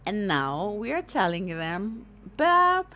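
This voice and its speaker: A woman's voice: medium pitch, big pitch swings, slow, sharp tone, a little hiss or hum. A young woman with an Italian accent, host of a let's play, commenting on a game in an emotional, rambling way and swearing. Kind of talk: casual gameplay commentary.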